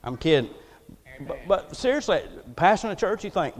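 Male pastor, very high voice, folksy and joking, builds to booming emphasis; long church-hall reverb. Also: big pitch swings, normal speed, gravelly, slight background noise. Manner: folksy, joking preaching that swells to loud emphatic declaration. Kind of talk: sermon. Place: church sanctuary.

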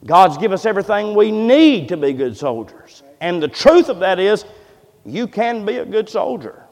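A fervent preacher whose high voice leaps up and down, rising to loud, emphatic cries and dropping to low, quiet asides. His sermon rings through a church hall with a long, echoing reverb. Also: big pitch swings, moderate pace. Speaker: pastor. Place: church sanctuary. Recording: echoey church hall sound.

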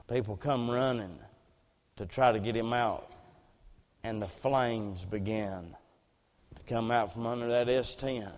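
A man preaching a sermon as personal testimony, earnest storytelling that drops to near hushes and rises again. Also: mid-range voice, big-room sound.

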